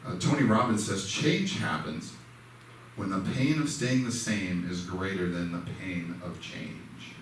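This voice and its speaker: A man's voice: deep voice, unhurried. A man giving a casual, conversational lesson at a church, telling personal stories. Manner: conversational, self-deprecating, acts out quoted dialogue. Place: church sanctuary. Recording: echoey hall, mic far off, faint noise.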